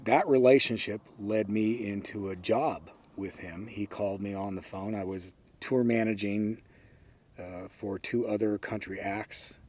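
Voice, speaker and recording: A former record executive in his sixties from San Francisco, USA, tells anecdotes in an easygoing interview, often quoting other people. His voice is fairly low-pitched with a darkish tone.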